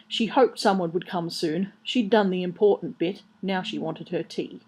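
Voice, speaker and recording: A woman's voice: on the low side, moderate pace, dark tone, husky, poor audio. A woman reading a comic novel aloud in a dry, wry manner. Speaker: audiobook reader. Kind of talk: storybook narration.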